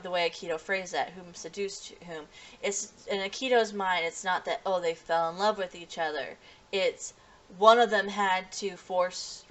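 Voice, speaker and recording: Low-voiced woman rambling through a review. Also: a bit bright. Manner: rambling, frequent "you know" and restarts. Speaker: anime episode reviewer. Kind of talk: casual spoken review.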